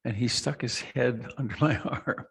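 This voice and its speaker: A middle-aged man giving a reflective meditation talk, slow and soft, with long pauses and trailing lines. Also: medium pitch, gravelly, breathy edge. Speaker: meditation teacher. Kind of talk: dharma talk.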